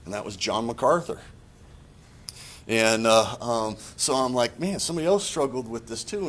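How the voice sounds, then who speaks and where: A man's voice: medium pitch, moderate pace, fairly bright tone, a little hiss or hum. A man giving a sermon in an earnest, confessional way, often stopping and restarting his phrases. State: choked up. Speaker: preacher.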